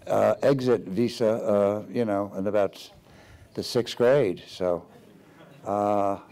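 A man's voice: lowish voice, steady tone, slow, mellow. An older man on a panel telling stories from his career, hesitant with many fillers and breaking into laughs. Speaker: playwright on a panel. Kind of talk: onstage anecdotal storytelling. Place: theater stage before an audience.

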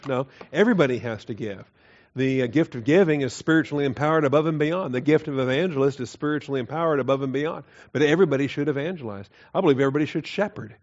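A man teaching a Bible doctrine class in a conversational way, with frequent fillers, quiet chuckles and questions to the room. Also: medium pitch, fast talker. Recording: dull lo-fi class recording.

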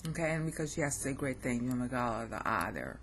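Low-voiced American woman teaching. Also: big pitch swings, fast, a little hiss or hum. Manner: thinks aloud, hesitant restarts, frequent "okay?" checks. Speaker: language teacher. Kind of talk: informal recorded lesson.

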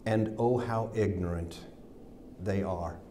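A man with an American accent preaching a sermon, reading scripture aloud, mimicking the mockers' sneering taunts and dropping low and soft for Jesus' words. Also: slow pace, a little hiss or hum. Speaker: pastor.

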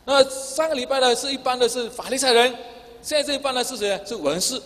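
A man preaching a bilingual sermon, speaking Chinese and then restating each point in English with a Chinese accent, filling pauses with "ah". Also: very high voice, a bit bright. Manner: repeats each point in English after Chinese, many filler "ah" sounds. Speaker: pastor. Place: church hall. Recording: long hall reverb.

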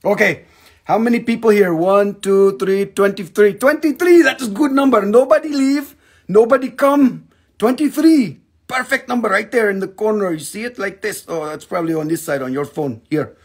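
A man hosts a live-stream crystal sale, joking and rambling in a goofy way and bursting into shouts. His voice sits high for a man and sounds husky, with a gravelly fry running through it. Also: normal speed. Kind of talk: playful live-stream sales chat.

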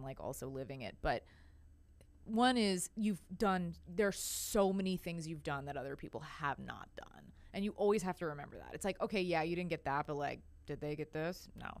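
A woman speaking as a podcast guest, talking in a rambling, animated way with many fillers. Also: low-pitched, dry recording. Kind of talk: casual conversation.

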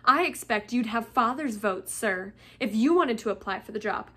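A woman reading aloud, voicing a smug, sneering rich schoolboy who taunts loudly and slyly. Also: on the high side, expressive, normal speed, slightly rough. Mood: taunting. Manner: taunting, loud and sly.

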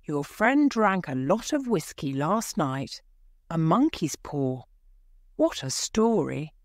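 An anxious old mother in a slow storybook reading, as a woman reads her lines. The voice sits fairly high over a low speaking voice, close and dry with no room sound. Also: big pitch swings, no room sound, full character voice. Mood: plain.

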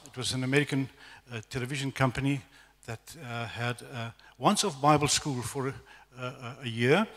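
A middle-aged man with a South African accent, telling a lively, self-deprecating testimony as a guest preacher at a church evening service. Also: medium pitch, moderate pace, hardly any pauses. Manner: storytelling, animated, self-deprecating humor. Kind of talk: testimony sermon. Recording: echoey church hall reverb.

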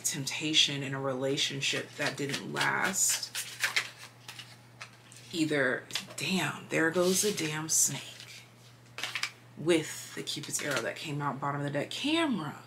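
A woman with a low voice gives a casual tarot reading in a rambling, chatty way. She leans on fillers and sometimes drops to a hushed whisper, with faint noise in the background. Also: a little slow, pauses often. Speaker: tarot reader.

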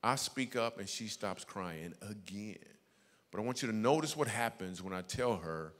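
A man delivering a comedic sermon to a church crowd, his voice bouncing between lively punchlines and quiet, earnest reflection. The sound carries a long reverb from a large church auditorium. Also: on the low side, normal speed. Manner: animated jokey delivery, switching to hushed earnest tones. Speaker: guest speaker and comedian. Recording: long reverb from a big hall.

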